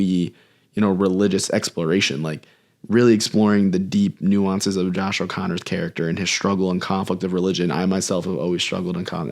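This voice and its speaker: A man with a very deep voice co-hosts a movie podcast. He speaks in an earnest, thoughtful way, laying out his views in full sentences during a casual chat. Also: a little mellow. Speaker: podcast co-host.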